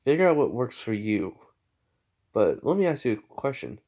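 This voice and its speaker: A man's voice: mid-range voice, very animated, moderate pace, mellow. A man voicing a brash young man who cracks puns, speaking casually in a joking way. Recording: slightly muffled lo-fi audio.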